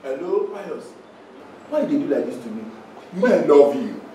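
Guy doing a teasing nigerian joker, high lively voice, super echoey room. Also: brisk, recorded from a distance, a little hiss or hum. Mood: mocking. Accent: Nigerian Pidgin. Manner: teasing, sing-song mimicry.

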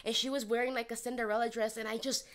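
A woman in her thirties co-hosts a podcast, candidly telling a personal story and acting out the dialogue she quotes. Her voice is a little high, with a level tone and a quick pace.

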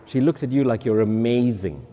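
A man's voice: medium pitch, normal speed, mellow, dull audio. Middle-aged priest man giving a testimony, jokey self-mocking asides, reverb from a big hall. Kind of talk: personal testimony talk. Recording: echoey hall.

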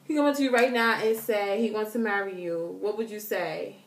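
A woman chatting to camera in an animated way, answering viewer questions and calling her viewers girl. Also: medium pitch, moderate pace, reverberant. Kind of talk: casual chat to camera.

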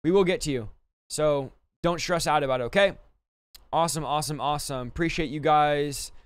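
A man hosting a livestream, quickly thanking donors and stumbling over names, a little out of breath. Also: fairly high pitch, clear, resonant tone, no echo. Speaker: livestream host.

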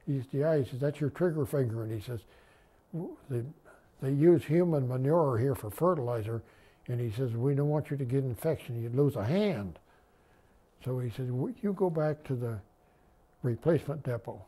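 A man's voice: mid-range voice, normal speed. A man in his nineties, a war veteran, telling his story in an oral history interview. He rambles, restarts sentences, adds wry humor, and lifts his voice when quoting others. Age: 90s. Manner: animated retelling, lifting his voice for quoted dialogue.

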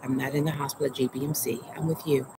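A woman's voice: extremely low pitch, level tone. Earnest woman therapist in a cricket-filled garden. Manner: earnest, emotional, often checks in with "right?", slows to breathe. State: anxious, heart racing while retelling. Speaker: therapist and show host. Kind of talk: personal trauma story mixed with teaching. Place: outdoor garden. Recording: outdoor recording with loud cricket noise. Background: crickets and insects.

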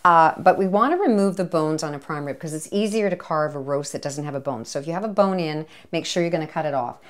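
A home economist with a deep voice hosts a comic cooking demo, talking quickly to camera. She's playful and chatty, tossing in jokey asides and little cheers.

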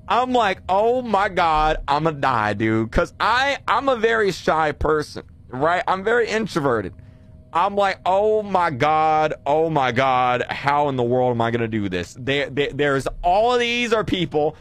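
Male streamer, excitable rambling recap, slightly high voice, faint hiss behind. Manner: excitable, rambling storytelling with shouted bursts.

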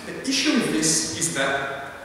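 A man's voice: a little high, big pitch swings, measured pace, sharp tone, a little hiss or hum. A man giving a conversational youth talk at church, who keeps asking his listeners whether they follow and often repeats words as he restarts a sentence. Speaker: youth meeting speaker. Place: church hall. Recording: very echoey hall, voice picked up from a distance.

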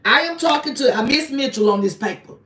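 Woman going off on a live stream, high voice, kinda far from the mic in an echoey room, just asking the same accusing questions over and over. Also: expressive, fairly quick, fairly bright tone. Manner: repetitive accusatory rhetorical questions; preachy, invokes God. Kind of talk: confrontational live-stream callout. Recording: roomy echo, voice distant from the mic.

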